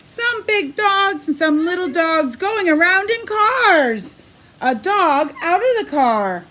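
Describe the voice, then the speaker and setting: A woman preschool teacher reading a picture book aloud to young children in a sing-song storybook manner, pausing to ask the kids questions. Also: very high voice, big pitch swings, pushed and bright, slight background noise.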